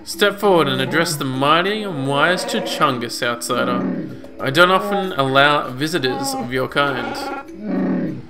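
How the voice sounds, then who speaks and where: A man reading a proud, scheming male Wookiee chieftain's lines with slow, pompous proclamations. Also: fairly high pitch. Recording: game music under voice. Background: game music.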